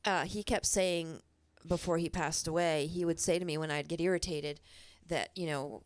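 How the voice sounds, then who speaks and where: A woman on a talk show, speaking in a soft, subdued voice with a somewhat low pitch. She pauses often and laughs nervously, and the sound is dry and close. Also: fairly even intonation, dry recording. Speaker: guest singer. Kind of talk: casual interview talk. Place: TV studio.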